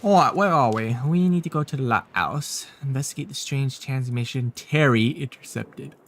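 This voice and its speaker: A man's voice: medium pitch, lively intonation, moderate pace, fairly bright tone. A man streaming a survival game live, chatting and teasing his viewers in a playful way. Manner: chatty, teasing viewers, playing with whispers and silly voices. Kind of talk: live gameplay commentary.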